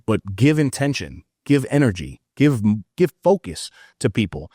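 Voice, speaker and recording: A man in his thirties, a podcast guest, telling stories in an earnest, animated way and calling the listener brother. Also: mid-range voice, moderate pace, no room sound, clean studio sound. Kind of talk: casual interview chat.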